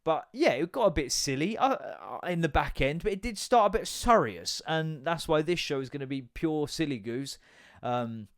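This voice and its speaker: Guy doing a solo podcast rant, kinda high voice, goofy and all over the place. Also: lively intonation, moderate pace. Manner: rambling, jokey and sweary, with sudden loud bursts. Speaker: podcast host.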